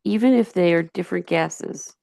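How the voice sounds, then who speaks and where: A woman with a Yonkers accent teaching high school chemistry in a recorded slideshow lecture, chatty and digressive, often restarting her sentences. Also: moderate pace, creaky, a little mellow, no room sound, clean studio sound. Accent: Yonkers, New York. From Yonkers, New York.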